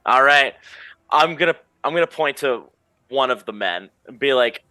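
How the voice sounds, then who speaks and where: A man's voice: mid-range voice, lively intonation, moderate pace, bright, forceful tone, no room sound. A man playing a tabletop game who laughs often and talks through his character's actions with many fillers. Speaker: player. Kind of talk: casual tabletop play.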